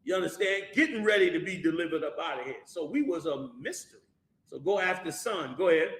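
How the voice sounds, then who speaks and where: A man teaching a Bible class in a preaching style. He is animated, uses colloquial slang and keeps firing rhetorical questions at the class. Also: fairly high pitch, fast talker. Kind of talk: preaching-style scripture lesson. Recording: echoey room.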